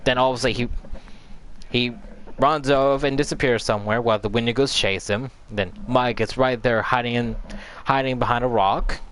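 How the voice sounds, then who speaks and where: A man's voice: medium pitch, fairly even intonation, moderate pace, fairly bright tone. A man host casually recapping a video game story, rambling and repeating filler words as he recalls events. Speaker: gaming channel host.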